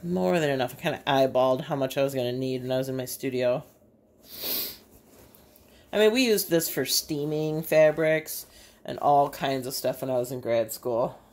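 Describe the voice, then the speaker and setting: This artist and teacher, speaking with a Bay City, Michigan accent, thinks aloud in casual chat while showing a craft at her kitchen at home. Her voice is very deep and a little mellow, at a normal speed.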